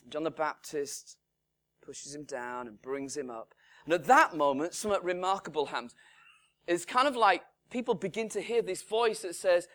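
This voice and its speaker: A middle-aged man preaching a sermon in a conversational way, acting out little dialogues and dropping to hushed tones. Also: fairly high pitch, moderate pace. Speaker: pastor.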